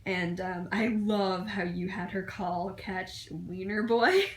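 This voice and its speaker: A woman's voice: mid-range voice, fairly even intonation, slow, reverberant. A woman giving a casual, gushing fan review, full of fillers and restarts, often breaking into laughter.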